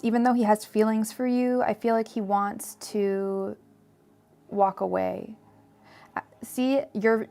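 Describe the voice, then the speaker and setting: A woman reading tarot cards on a live stream, chatty and digressive, full of fillers and restarts. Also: on the high side. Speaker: tarot reader.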